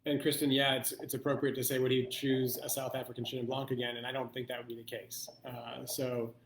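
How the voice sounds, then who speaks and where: A man's voice: medium pitch, level tone, echoey room. Thoughtful man hosting a wine tasting. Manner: thoughtful, thinking aloud with pauses. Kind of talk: live online blind tasting.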